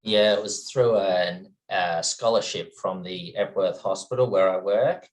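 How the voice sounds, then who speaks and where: An Australian man speaks as a podcast guest. His voice is fairly low. He explains things in a plain, easygoing way. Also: unhurried, rough recording. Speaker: guest, exercise physiologist. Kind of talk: casual interview talk.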